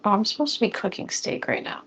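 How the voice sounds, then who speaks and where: Cooking live for her viewers, a young woman keeps up casual, playful chatter right up against a close studio mic. Her voice sits in the mid-range with a fairly bright tone, and there's a little hiss or hum. She trades jokes with chat and talks faster whenever she gets flustered.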